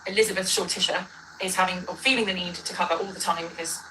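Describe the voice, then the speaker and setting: A woman's voice: fairly low pitch, steady tone, fast talker, pushed and bright, a little hiss or hum, poor audio. A woman ranting in a reaction video, rambling, combative and correcting herself as she goes, played back during a livestream. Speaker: livestreamer in a dispute.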